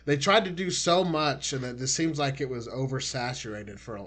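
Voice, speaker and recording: A man's voice: mid-range voice, moderate pace, fairly bright tone. A man hosting a podcast interview, asking long winding questions with repeated words. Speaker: podcast host. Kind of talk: casual interview.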